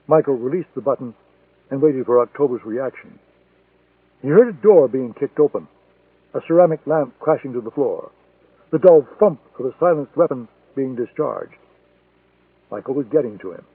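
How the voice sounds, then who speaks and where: A man reading a thriller audiobook in a steady, measured way. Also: medium pitch, slightly rough, no room sound. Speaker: audiobook narrator. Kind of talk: scripted thriller narration. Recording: tinny phone-like sound, dry.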